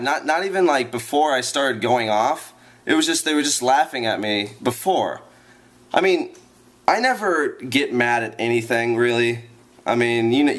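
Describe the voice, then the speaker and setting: A man's voice: mid-range voice, fairly bright tone. Rambling man venting to camera. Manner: rambling, exasperated, repetitive. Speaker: vlogger. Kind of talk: ranting vlog.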